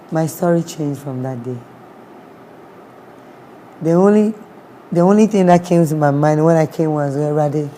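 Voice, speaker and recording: This guest, a woman with a Ghanaian accent, has a fairly low pitch and a dark tone. Telling a heartfelt personal story, she voices what others said and slips Twi words in, over a slight hiss or hum.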